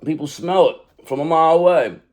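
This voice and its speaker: A man's voice: on the high side, brisk. A man giving a casual tarot card reading, blunt and profane, rambling as he talks straight to the viewer. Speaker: tarot reader.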